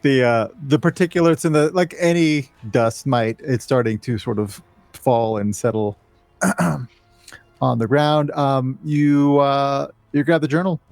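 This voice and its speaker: Game master, male, mid pitch, relaxed pauses and fillers, faint music in the back. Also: no room sound. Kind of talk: narrating a tabletop game.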